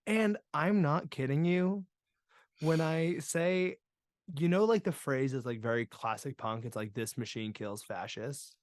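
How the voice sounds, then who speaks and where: A man's voice: a little high, moderate pace, no echo. Man, podcast host, profane rambling storyteller, dry close sound. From Boston area. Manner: profane, animated storytelling, swinging loud and quiet. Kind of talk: casual storytelling chat.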